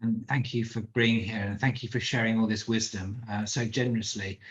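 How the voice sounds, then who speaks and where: A man's voice: lowish voice, fairly even intonation, fairly quick. Gracious man host, dull lo-fi sound. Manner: gracious, many fillers. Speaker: meetup host. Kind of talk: closing thanks.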